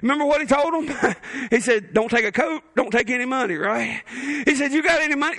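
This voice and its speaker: A male pastor preaching a sermon, building to shouted peaks and dropping into playful, joking asides. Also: very high-pitched, brisk, no echo.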